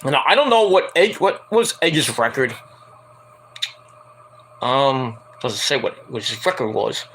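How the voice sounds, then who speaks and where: A man hosting a casual wrestling news stream, rambling, joking and swearing, his voice hoarse from hours of screaming. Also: mid-range voice, sing-song, slow, long pauses, a bit bright, slight background noise. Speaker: stream host.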